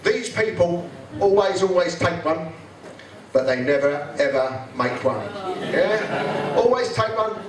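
A man doing a stand-up comedy routine, blunt and sweary, acting out office characters in quick voices. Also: a little high. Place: live venue with audience laughter. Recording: echoey live room, mic picked up from a distance, crowd audible.

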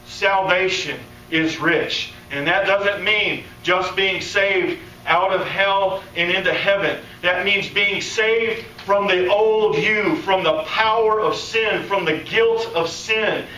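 A man preaching a conference sermon, animated and playful, acting out the voices he quotes. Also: high-pitched, takes it slowly, hardly any pauses. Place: conference hall. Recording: echoey hall, distant mic, faint room noise.

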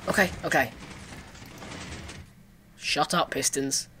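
A man's voice: fairly high pitch, slow, bright, forceful tone, slight background noise. A man giving casual commentary while playing a parkour game, talking to himself with sudden frustrated outbursts. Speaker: gaming let's player.

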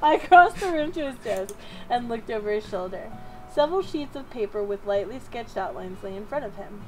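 A woman's voice: mid-range voice, expressive, moderate pace, music in the background, poor audio. A woman reading a visual novel aloud as co-host, giggly and casual. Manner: giggly, reads narration aloud.

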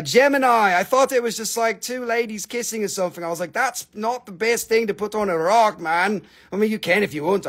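A man selling rocks and amber on a live stream, teasing viewers, swearing freely and rattling off bargain prices in non-native English phrasing. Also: on the high side. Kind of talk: joking live sales pitch.

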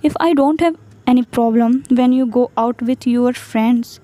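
A woman's voice: fairly high pitch, a little slow, dark tone, no room sound, lightly acted. A woman voicing a stubborn, fed-up young wife in a fan fiction story, talking bluntly.

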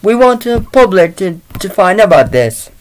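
A man voicing a stubborn young woman reporter who talks in a shrill, insistent way. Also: sing-song, moderate pace.

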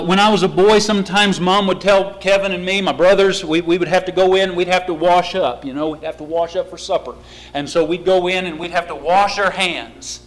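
A man's voice: high voice, fairly bright tone, low-quality recording. A man preaching a sermon in a church, earnest and questioning his listeners. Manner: earnest, asks the congregation questions.

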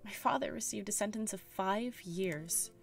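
A bitter young woman bent on revenge, voiced by a woman reading the game aloud. She sounds accusing and cold, at a plain middle pitch. Faint music plays under her. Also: normal speed, vocal fry, lightly acted.

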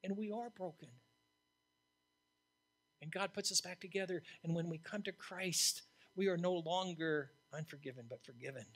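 A man's voice: sits high, moderate pace, long pauses, husky. Blunt, emphatic older man preaching. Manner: blunt, emphatic preaching with swings from loud to hushed. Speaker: interim pastor. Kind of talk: sermon.

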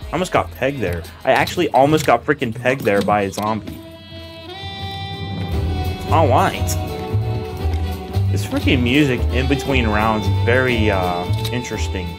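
A young man giving crude, joking commentary while playing a video game, breaking into loud excited outbursts. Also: medium pitch, measured pace, pauses often. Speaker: gaming video host. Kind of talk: let's play commentary. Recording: game music underneath.

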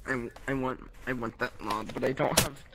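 A man's voice: mid-range voice, fairly even intonation, normal speed, heavy background noise. A man playing a video game with friends, goofy and playful in casual chat. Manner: playful, goofy beeping noises. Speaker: gaming friend.

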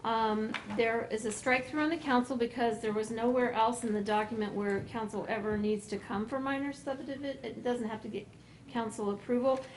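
A woman on planning staff explaining code amendments at a public meeting, methodical, pausing and restarting as she goes. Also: on the high side, steady tone, slight background noise, rough recording. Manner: methodical, with frequent pauses and restarts. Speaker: planning staff member presenting to a commission. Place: meeting room.

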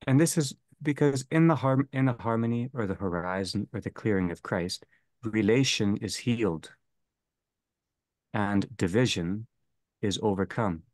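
A man leading a theology seminar, speaking slowly and deliberately and restating each phrase. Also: on the low side, darkish tone, no echo. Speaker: seminar leader. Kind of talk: theology lecture.

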